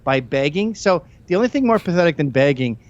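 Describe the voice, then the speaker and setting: A male guest on a comedic talk show, making blunt, scornful, deadpan put-downs. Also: a little high, brisk, highs cut off.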